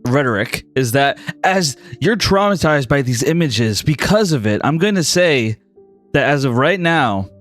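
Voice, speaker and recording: A man running a tabletop game, narrating scenes in a steady, dramatic way. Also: medium pitch, measured pace, faint music behind. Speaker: game master.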